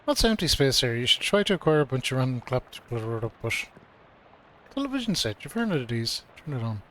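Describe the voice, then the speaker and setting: A man's voice: medium pitch, very animated, fast talker, a little hiss or hum. A man streaming a game, reading its dialogue aloud in a casual, playful way with mock old-fashioned delivery. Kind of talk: let's play commentary, reading game text aloud.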